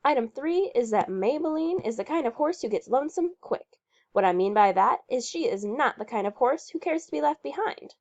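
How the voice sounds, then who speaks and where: Bossy folksy ranch lady, read aloud by a woman, raised pitch, dull muffled sound. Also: animated, brisk, darkish tone. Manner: fussy, lecturing, country-talking. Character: bossy folksy middle-aged woman horse owner. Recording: muffled lo-fi recording.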